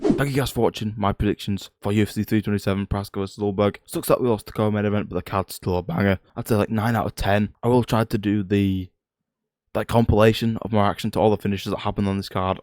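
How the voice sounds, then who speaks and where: A young man runs through fight predictions in a rapid, excitable patter, blunt and profane, tossing out rhetorical questions. His voice sits low. The sound is dry and close, with no room echo. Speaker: MMA prediction YouTuber. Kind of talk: casual fight predictions vlog.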